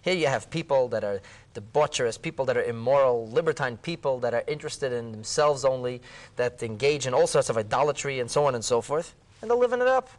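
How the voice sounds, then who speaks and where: A man, a rabbi, retelling a Talmud story in a dramatic way, going from hushed to exclaiming and using Hebrew terms. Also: mid-range voice, brisk. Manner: peppers speech with Hebrew and Aramaic terms. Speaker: rabbi leading a Talmud discussion.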